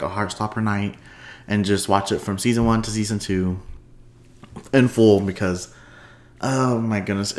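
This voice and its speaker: A man hosting a solo podcast in a bubbly, unscripted chat, sleepy at the end of a long day, laughing often and swinging his pitch up for playful asides. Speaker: podcast host.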